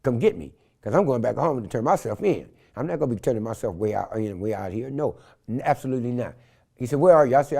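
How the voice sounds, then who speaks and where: An older man from San Francisco, telling stories in an interview with an animated, slangy manner and loud acted-out quotes. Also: medium pitch, quick pace, creaky. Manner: animated, acts out quotes loudly, street slang. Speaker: interview guest. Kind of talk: storytelling in an interview.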